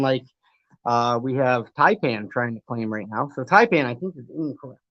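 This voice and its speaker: Here a man with a mid-range, animated voice talks at normal speed in a dry recording, hosting a live stream. He rambles, argues with the chat as he reads it, and swears now and then, with the audio dull and lo-fi.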